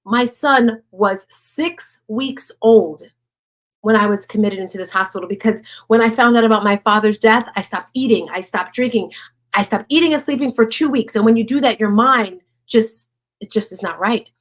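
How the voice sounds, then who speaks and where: A woman giving a personal motivational talk, chatting with the audience, asking them questions and slowing right down on key lines. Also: fairly high pitch. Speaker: speaker at a women's event.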